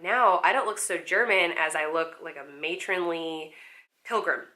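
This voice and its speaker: A young adult woman telling a story in a casual vlog, chatty and self-mocking, jumping into high playful voices when she quotes people. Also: unhurried, bright, forceful tone. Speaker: actress and vlogger.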